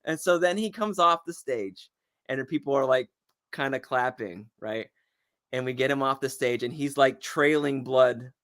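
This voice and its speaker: A male comedian guest telling a long, animated story in casual chat, acting out the voices of people he quotes. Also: mid-range voice, moderate pace.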